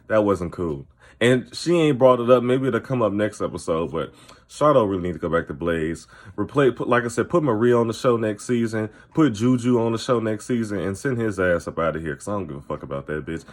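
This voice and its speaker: A man recapping a reality TV episode to camera, blunt and profane in an opinionated, casual way. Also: on the low side. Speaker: TV recap commentator.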